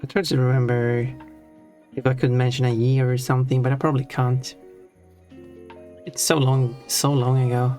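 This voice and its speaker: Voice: medium pitch, level tone, normal speed, long pauses, a little mellow, faint music behind. A streamer from Sweden, chatting casually on a live stream, rambling and restarting sentences, laughing now and then at their own points.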